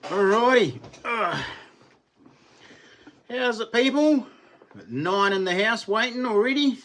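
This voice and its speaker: A man's voice: high-pitched, expressive, takes it slowly, a bit bright, a little hiss or hum. A middle-aged man with a New Zealand accent, hosting a casual livestream chat, greeting and thanking viewers by name and laughing often. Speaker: livestream host.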